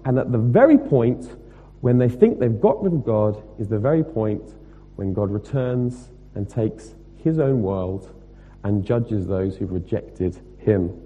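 A man preaching a sermon, emphatic and rhetorical, moving between loud stressed points and quieter asides. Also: on the low side, animated, unhurried, dull audio, faint music behind. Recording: long reverb of a hall.

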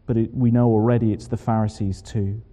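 A man preaching a sermon, expressive and full of rhetorical questions. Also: fairly low pitch, brisk. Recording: long hall reverb.

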